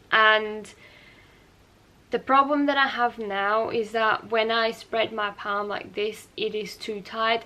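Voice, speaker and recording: A young woman with a medium-pitched, sharp-toned voice hosts her knitting podcast. She chats casually during a show-and-tell of her work, rambling a bit, laughing lightly, and correcting herself.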